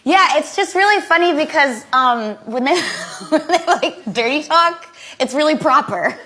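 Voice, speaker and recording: A woman guest bantering with giggles and bashful pauses on a talk show. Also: high voice, lively intonation. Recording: noisy studio with loud audience. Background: studio audience.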